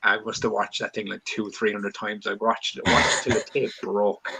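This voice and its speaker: A man in his thirties tells long, wandering stories, his voice gravelly and bright with a husky edge. He swears constantly and sounds loose and offhand in casual podcast chat. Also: fairly low pitch, level tone, moderate pace, rough recording. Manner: rambling, heavy swearing, loose storytelling. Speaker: co-host.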